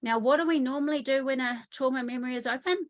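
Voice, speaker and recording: Female trauma therapist, slightly high voice, lively storyteller, video-call interview from home. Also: fast talker. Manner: lively storytelling, often acts out quotes. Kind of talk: online summit interview. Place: home in the countryside.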